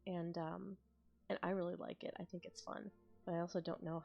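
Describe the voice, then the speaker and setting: A woman's voice: lowish voice, flat delivery, fairly quick, vocal fry, muffled recording, faint music behind. A woman chatting casually on a stream as an ASMR creator, thinking aloud and rambling. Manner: rambling, thinks aloud with restarts and soft laughs. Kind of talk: casual live-stream chat.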